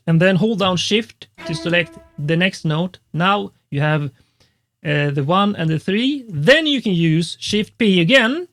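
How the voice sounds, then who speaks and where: Male music educator, high and creaky voice, casual step-by-step tutorial delivery with lots of fillers. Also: fairly bright tone. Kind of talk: screen-recorded software tutorial.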